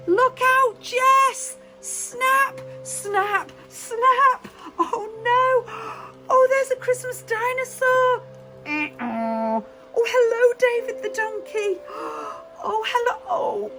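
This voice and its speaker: A very high, slow-spoken woman with a Manx English accent leads little ones on a festive tour, greeting each thing with gasps and sing-song exclamations. Music plays clearly behind her. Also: rough recording. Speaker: children's singing group leader. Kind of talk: cheerful tour for toddlers.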